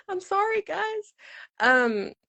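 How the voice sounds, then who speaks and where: A woman in her thirties hosting a podcast in a casual chat, quick and chatty and laughing often. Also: very high voice, sing-song, vocal fry, sharp tone, dry recording. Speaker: podcast host.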